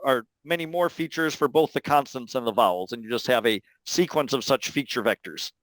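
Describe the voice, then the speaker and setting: A man giving an academic talk, explaining carefully in a measured way with frequent pauses. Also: fairly high pitch, fairly bright tone, no echo, rough recording. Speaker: linguistics lecturer. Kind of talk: academic talk answering questions.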